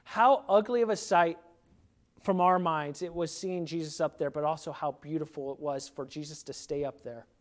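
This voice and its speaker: Male preacher, high tenor register, earnest and emphatic sermon delivery. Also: steady tone, moderate pace.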